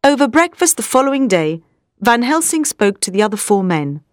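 A woman reading a storybook aloud as narrator, in a clear, expressive way. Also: a little high, moderate pace, no room sound, studio quality.

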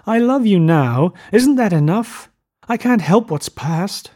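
A torn and fragile young woman, as a male reader puts her on, her voice lifted high and wavering as she pleads. She speaks slowly, close to tears. The voice sits clearly above his usual pitch. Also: lively intonation, a little mellow, heavily acted. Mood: pleading. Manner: high, wavering, slowed and tearful.

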